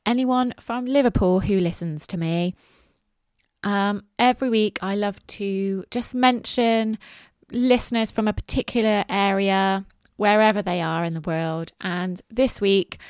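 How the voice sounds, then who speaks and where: A woman's voice: medium pitch, dry recording, studio quality. A woman in her forties hosting a solo podcast, chatty and self-deprecating. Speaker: podcast host. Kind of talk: casual solo podcast talk.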